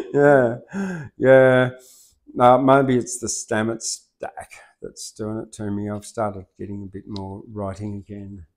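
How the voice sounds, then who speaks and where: An Australian man hosting a poetry open mic, who chats loosely with many fillers and then reads rhyming verse loudly and rhythmically. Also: fairly low pitch, level tone, slow. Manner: loose and rambling, with many fillers, swinging into loud rhythmic recitation. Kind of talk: reciting rhyming poetry and rambling chat.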